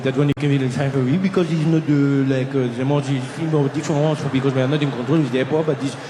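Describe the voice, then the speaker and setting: A man voicing an older French airport information clerk who rambles in halting, broken English with a French accent. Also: medium pitch, fairly even intonation, noisy background, natural voice. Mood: muddled.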